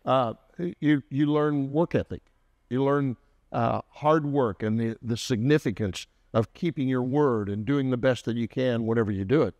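A man's voice: mid-range voice, normal speed, darkish tone, no room sound. Guy spinning a folksy story, lots of uh's, muffled dry mic. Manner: folksy, with frequent "uh" and restarts. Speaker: co-host. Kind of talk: casual storytelling.

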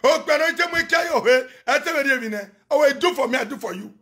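A Nigerian man on a phone live video, ranting and chanting loudly, often shouting and switching between Pidgin and local languages. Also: very high-pitched, expressive, fast. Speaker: social media personality on a live video. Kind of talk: animated live-stream rant and chanting.

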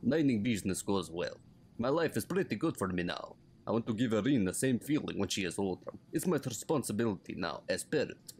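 A man's voice: on the low side, sing-song, fairly quick, a little mellow, a little hiss or hum. A man voicing an older male islander who reads his journal aloud in a Russian accent and broken English. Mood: earnest.

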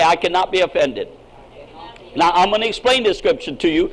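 A male pastor delivers a sermon in a high-pitched voice. He preaches emphatically, jumping up in pitch and volume for emphasis, and often repeats words as he restarts a thought. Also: big pitch swings, normal speed, poor audio. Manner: emphatic preaching with sudden swings in pitch and loudness.

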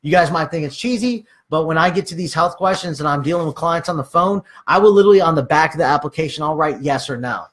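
A man's voice: a little high, quick pace, hardly any pauses, a bit bright. A man giving casual sales training, acting out conversations with clients and using many fillers.

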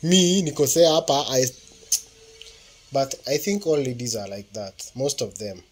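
A man's voice: mid-range voice, measured pace, a little hiss or hum. A Kenyan man chatting casually and teasingly as a husband in a couple's vlog. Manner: joking, teasing, mixes in Swahili. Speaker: vlogger, husband. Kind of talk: casual chat.

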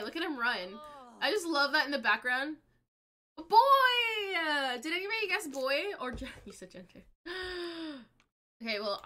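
A young adult woman streaming a game live, chatting with viewers and reacting aloud in an excitable, chatty way. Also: fairly high pitch.

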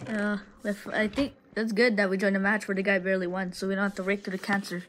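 A woman with a medium, fairly flat voice talks quickly over her gameplay as a channel host, rambling with plenty of swearing and trash talk aimed at other players. The poor audio carries some hiss or hum, and game music plays loudly beneath.

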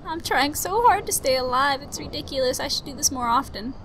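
Young woman, gameplay commentary, high voice, bright tone, chatty, jumpy, mutters to herself. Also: animated, brisk, a little hiss or hum. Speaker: gaming commentator.

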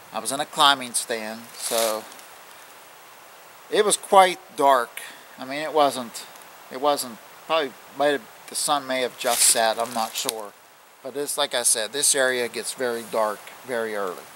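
A middle-aged man telling a true scary story in plain, casual speech, halting and restarting as he goes. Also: medium pitch, background noise. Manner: plain-spoken, halting with restarts, acting out growls. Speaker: outdoors channel host.

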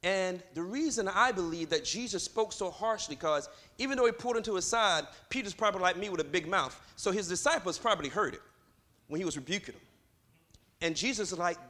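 A man's voice: sits high, expressive, brisk, bright, forceful tone. A man pastor preaching a sermon in a church, loose and full of fillers, building to emphatic stretches. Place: church sanctuary.

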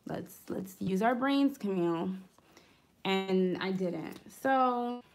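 A woman vlogger decorates a planner while casually telling a story. Her medium-pitched voice takes its time, rambling along with fillers and little asides.

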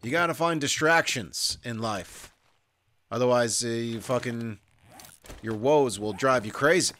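Male game commentator, dry self-mocking humor, bright tone. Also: medium pitch, a little slow, a little hiss or hum. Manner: wry, self-mocking, mutters to himself. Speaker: gaming YouTuber. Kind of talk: casual let's-play commentary.

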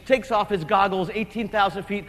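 A man from New Jersey giving a keynote speech, telling an adventure story in an animated, comic way with acted-out shouts and asides. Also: sits high, a little fast. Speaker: keynote speaker. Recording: long hall reverb.

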